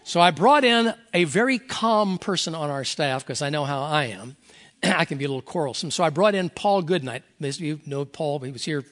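A man's voice: on the high side, lively intonation, brisk, fairly bright tone. An older man, a pastor emeritus, preaching a folksy, earnest sermon and reading scripture aloud.

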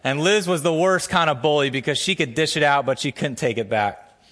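A man's voice: brisk, a bit bright. A man preaching a sermon as a church pastor, opening with a prayer and telling a story with earnest emphasis. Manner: storytelling, earnest, builds emphasis with rising pitch. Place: church sanctuary.

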